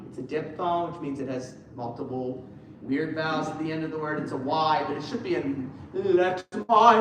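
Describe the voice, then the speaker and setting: A man's voice: high-pitched, a bit bright, a little hiss or hum. A man working as a choir director, coaching singers in rehearsal in an upbeat, encouraging way and singing lines to show them. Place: large echoey rehearsal room. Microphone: distant room mic. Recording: echoey room from far off, with piano. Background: piano and choir.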